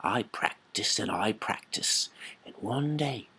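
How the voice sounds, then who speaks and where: A man's voice: on the low side, animated, takes it slowly, vocal fry, bright, forceful tone, husky. A middle-aged man explaining accents in a playful way, dropping into whispered asides. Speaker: teacher on accents. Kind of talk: playful explanatory talk to camera.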